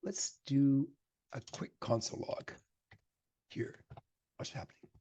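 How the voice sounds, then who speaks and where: A man leads a programming lecture, coding live and talking through each step as he types. His voice is husky and mellow, at an ordinary middle pitch. He grows emphatic when he hands out advice. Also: expressive, unhurried. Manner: chatty, thinks aloud while typing code. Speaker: programming instructor.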